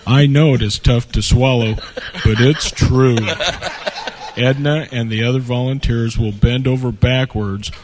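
Slow earnest man in a mock infomercial. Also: mid-range voice, steady tone. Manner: earnest salesman delivery full of double entendres. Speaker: comedy sketch performer. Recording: noisy studio recording.

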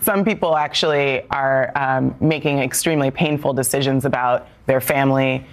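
A woman's voice: extremely low pitch, steady tone, moderate pace. Earnest woman telling voters' stories. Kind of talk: casual political talk.

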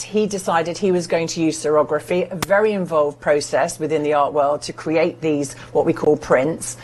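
A woman presenting artwork for sale, describing it and urging viewers to buy with eager persuasion. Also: on the low side. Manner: enthusiastic persuasive selling. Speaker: art sales presenter. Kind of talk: TV sales pitch.

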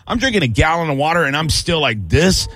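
A man's voice: on the high side, big pitch swings, fast talker, sharp tone. A middle-aged man hosting a call-in radio show, chatting casually and joking, whining on purpose. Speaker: radio host and comedian.

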